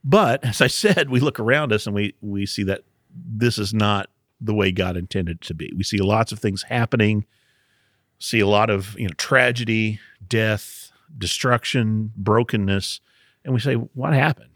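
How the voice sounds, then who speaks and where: On the low side but fairly bright in tone, this man speaks at a moderate pace in a dry, clean studio recording. As a podcast host, he casually teaches through Bible passages, frequently chuckling and restarting sentences.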